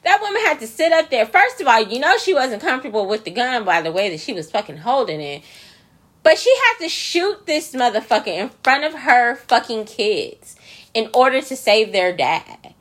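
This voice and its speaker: A high-voiced woman hosts a solo podcast rant, her pitch swinging widely between lines. She talks with profane, incredulous emphasis and keeps hammering the same points. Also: very animated, moderate pace, fairly bright tone. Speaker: podcast host.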